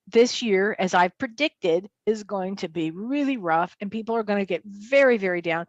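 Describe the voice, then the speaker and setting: An earnest woman in casual spiritual chat, mid-pitched and unhurried. The sound is dry and close, with no room around her voice. She murmurs agreement often while listening. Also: lively intonation, dry recording, dull audio. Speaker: co-host and spiritual medium.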